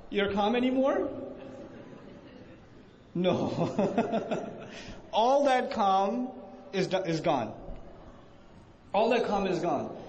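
High-voiced man lecturing in an echoey hall. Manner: questions the audience and answers himself; acts out quoted speech with rising emphasis. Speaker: Islamic teacher. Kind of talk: religious lecture to a live audience. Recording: echoey hall with faint noise.

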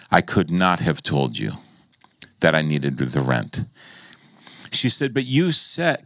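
Animated low-voiced American pastor. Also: male voice, no echo. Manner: animated, laughing, rising to high exclamations. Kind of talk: sermon storytelling.

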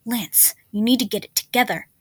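A woman voicing a steady, protective young woman who speaks firmly and urgently, low and hushed. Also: normal speed, no room sound, natural voice. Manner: firm, low and urgent, hissing.

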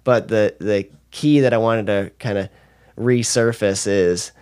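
A man's voice: lowish voice, steady tone, measured pace, a little mellow, clear, resonant tone. A young man hosting a podcast, affectionate and reflective, and he laughs easily. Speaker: podcast host. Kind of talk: casual chat.

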